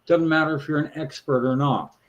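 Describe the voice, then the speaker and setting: A man's voice: fairly high pitch, steady tone, a little fast, dull audio, a little hiss or hum. Fired-up New man ranting. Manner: outraged, emphatic, swears freely. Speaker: podcast co-host, patient rights advocate. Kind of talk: heated casual political talk.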